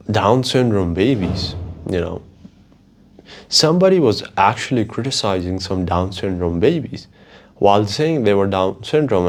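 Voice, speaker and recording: Profane rambling low-voiced man. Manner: profane, rambling, animated storytelling. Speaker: podcast host. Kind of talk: casual solo monologue.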